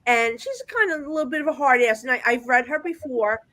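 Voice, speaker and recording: A woman working as a psychic medium, telling stories in a chatty, animated way on a video call. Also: sits high, quick pace. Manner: chatty, animated storyteller with frequent restarts. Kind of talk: casual storytelling chat.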